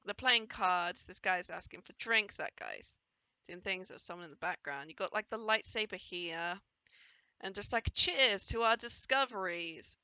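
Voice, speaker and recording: A woman's voice: on the low side, normal speed, pushed and bright, no room sound. A woman giving casual, enthusiastic commentary over a game trailer, now and then playfully voicing the characters she sees. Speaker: gaming video creator reacting to a trailer.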